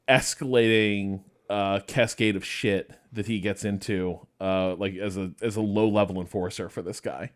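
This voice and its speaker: A man co-hosting a podcast, chatting casually in a rambling, curious way. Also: fairly low pitch. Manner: curious, rambling, full of fillers. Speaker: podcast co-host. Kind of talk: casual chat.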